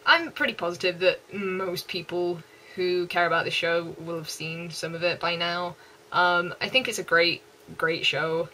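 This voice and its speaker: A young woman with a West Country English accent, chatting excitedly and gushing in repeats as an anime vlogger. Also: on the low side, measured pace, a little hiss or hum, rough recording. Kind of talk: casual chat.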